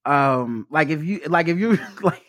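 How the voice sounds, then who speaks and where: A young adult man hosting a podcast, chatting casually and animatedly with lots of swearing and quick mock impressions. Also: a little high, no echo, clean studio sound. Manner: profane, animated, jokey impressions in quotes. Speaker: podcast host. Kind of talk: casual chat.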